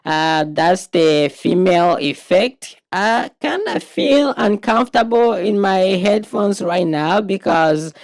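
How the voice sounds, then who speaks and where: A man's voice: high voice, animated, slow pace, gravelly, hardly any pauses, no echo, studio quality, voice pushed up, full character voice. A man reviewing audio gear, speaking through a female voice-changer effect, hesitant and awkward with many ums. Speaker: product reviewer. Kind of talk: testing a voice effect on camera.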